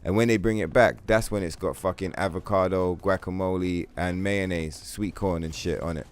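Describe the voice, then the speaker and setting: A man's voice: deep voice, steady tone, normal speed, a little hiss or hum. A man chatting casually and profanely while streaming a game, rambling through long comparisons and laughing. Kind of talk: casual gaming livestream chat.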